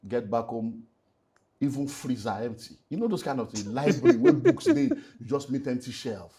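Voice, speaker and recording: A middle-aged man with a Nigerian accent talks through a painful personal story in an interview. His voice sits at an ordinary pitch. He is earnest and animated and slides into Pidgin phrases. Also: moderate pace. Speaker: pastor and relationship speaker.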